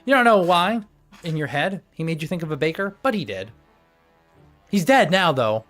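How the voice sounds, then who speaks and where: A man's voice: fairly high pitch, sing-song, moderate pace, a bit bright, faint music behind. A young man narrating as game master on a voice call, rambling with many fillers and restarts.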